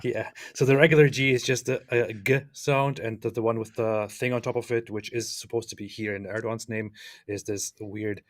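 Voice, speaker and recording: Male co-host, lower voice, halting and talkative, frequent fillers, dry mic. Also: steady tone, no room sound. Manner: halting, many fillers, laughs often. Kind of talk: casual talk commentary.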